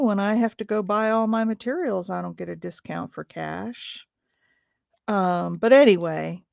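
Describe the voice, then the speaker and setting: A middle-aged woman hosts a crafting livestream, chatting and rambling with plenty of fillers while she works. Her voice has a gravelly edge, sitting in a middle register. The sound is dry and a little dull, like a home setup. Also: lowish voice, darkish tone, dry recording. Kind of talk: casual storytelling while crafting.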